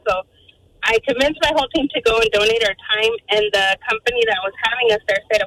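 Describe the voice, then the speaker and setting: A woman calling in to a show who talks fast and lively, with her pitch leaping up and down as she acts out the voices of people in her story. Her voice is bright and sharp. There is faint line noise behind her. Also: rough recording. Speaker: caller. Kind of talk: phone-in storytelling.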